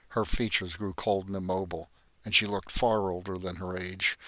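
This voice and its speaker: Bright, dry-voiced male narrator. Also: low-pitched, moderate pace, no echo. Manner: steady storytelling reading. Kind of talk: scripted narration.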